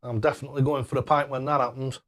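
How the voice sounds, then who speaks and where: A man's voice: medium pitch, level tone, rapid-fire, a bit bright. A man hosting a casual live stream, chatting away and thanking viewers by name with matey banter. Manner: matey banter, calls people mate.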